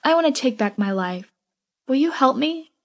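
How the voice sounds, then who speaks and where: Woman doing a hurt young woman, high strained voice, emotional, audiobook character. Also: lively intonation, normal speed. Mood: distraught. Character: shaken young woman, a hurt and tearful friend.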